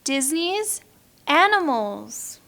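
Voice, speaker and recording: A woman teacher reading a picture book aloud slowly and clearly for beginner learners, now and then making playful animal sounds. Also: high voice, very animated, pushed and bright.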